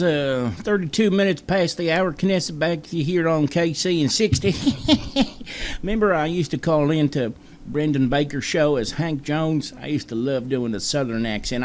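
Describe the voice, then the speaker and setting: A man's voice: low-pitched, slight background noise. A man with a New Jersey accent hosting a web talk show alone, rambling in a chatty, self-deprecating way. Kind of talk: casual solo talk-show monologue.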